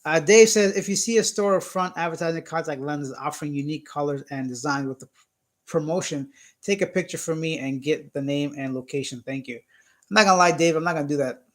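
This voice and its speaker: A man's voice: on the high side, a little fast, a bit bright. Joking Canadian man on a live stream. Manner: joking, laughs often, reads viewer comments aloud. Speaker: YouTube channel host. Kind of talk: casual live-stream chat.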